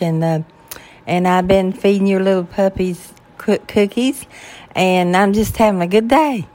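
An older woman, the host's mother, chatting casually in a soft voice with short, simple replies. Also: mid-range voice, measured pace. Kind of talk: casual chat.

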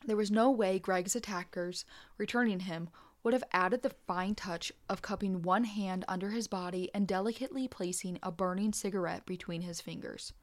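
A woman co-hosting a podcast, reading a nonfiction account aloud in a steady, measured way. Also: medium pitch. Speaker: podcast co-host.

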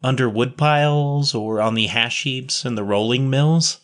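A man reading a story, voicing a poor street boy who talks in rough slang with double negatives. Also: mid-range voice, a little slow, a bit bright, voice pushed up, lightly acted. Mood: plain, wary. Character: ragged, shy street boy, near twelve.

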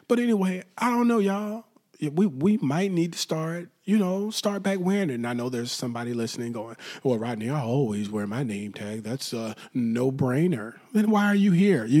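A man's voice: medium pitch, a little mellow. A man hosting a solo podcast, rambling through stories and acting out quoted lines. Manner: rambling, storytelling with acted-out quotes. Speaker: podcast host. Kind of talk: solo casual podcast talk.

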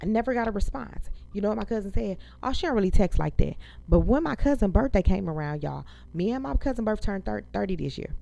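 Gravelly-voiced woman venting in her thirties. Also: medium pitch, expressive, fast talker, hardly any pauses, dark tone. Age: 30s. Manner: venting, emphatic, profane, talks to viewers as y'all. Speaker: podcast host. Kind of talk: casual storytelling rant.

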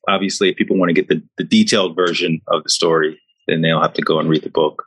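A man's voice: low-pitched, little pitch movement, fast, fairly bright tone, breathy edge, dry recording. A male host interviewing a guest, prompting him with questions and laughing often. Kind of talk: casual interview.

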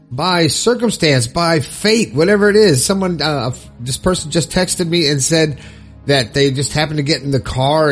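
It's casual solo podcast talk: the male host rambles upbeat, drops plenty of fillers and laughs a lot. His voice is on the high side with a fairly bright tone.

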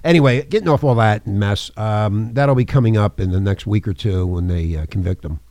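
A man's voice: on the low side, brisk, darkish tone, dry recording. A man hosting a casual radio show, rambling and teasing his co-host in a joking way.

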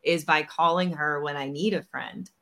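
A woman telling a personal story in a casual podcast chat, animated and acting out the lines of the people in it. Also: low-pitched, normal speed. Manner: animated, acts out quoted dialogue. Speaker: podcast host.

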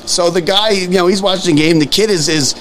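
A man's voice: high-pitched, fairly quick, slight background noise. A man, hosting a casual sports podcast and telling long stories, repeating words and acting out the people in them. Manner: animated storyteller, repeats words, acts out quoted voices. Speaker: podcast host. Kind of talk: casual storytelling chat.

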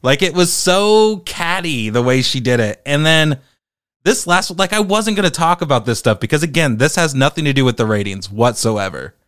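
A man hosting a commentary podcast, talking in an animated, incredulous way. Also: fairly high pitch, moderate pace, no room sound, studio quality. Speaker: podcast host.

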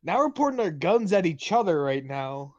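A man's voice: high voice, normal speed, lo-fi sound. A young man co-hosting a podcast in casual joking chat, rambling and swearing freely. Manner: profane, rambling, animated. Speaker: podcast co-host.

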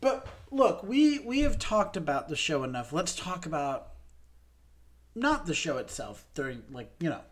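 A young adult man co-hosting a podcast in casual chat, chatty and fond of puns, getting animated when he gushes. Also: on the high side, moderate pace. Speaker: podcast co-host.

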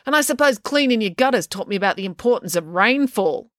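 A woman's voice: mid-range voice, animated, fairly quick, a bit bright, no room sound, voice pushed up, natural voice. An indignant, worn-out young boy asks questions in a raised voice, as a woman reading aloud puts him on. His complaints sound plainly exasperated. The sound is dry and close to the mic.

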